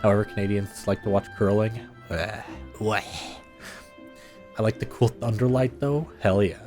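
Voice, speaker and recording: A man's voice: on the low side, steady tone, a little fast, mellow, faint music behind. A man streaming a game live, chatting casually with viewers in a laid-back way and laughing often.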